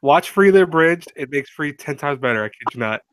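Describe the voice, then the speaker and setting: High-voiced man joking on a stream. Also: expressive, fairly bright tone. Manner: joking, quick to act out scenes. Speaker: stream guest. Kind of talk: casual chat.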